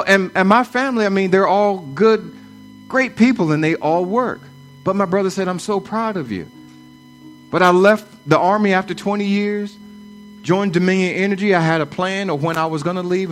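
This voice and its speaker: A man's voice: high voice, fairly bright tone. A man in his forties preaching a sermon, repeating lines for emphasis and building to fervent declarations.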